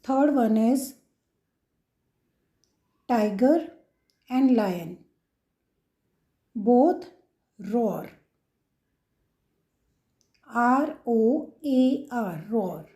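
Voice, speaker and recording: Indian English woman, kids' teacher, very slow and deliberate, spells words aloud, soft warm tone, slightly high. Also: animated. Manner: spells each word letter by letter, slow and deliberate. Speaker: kids' channel host. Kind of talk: slow spelling lesson for children.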